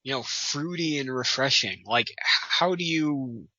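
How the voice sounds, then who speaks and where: A man's voice: mid-range voice, lively intonation, unhurried, pushed and bright, dry recording, highs cut off. A man co-hosting a comedy reading show, making wry, stammering remarks and mild exclamations. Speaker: podcast co-host. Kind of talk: comedic commentary.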